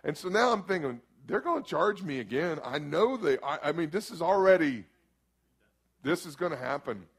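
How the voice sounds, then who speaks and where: Animated pastor telling a story. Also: male voice, fairly high pitch, normal speed, husky. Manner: animated, swings from hushed to shouting. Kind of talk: storytelling sermon.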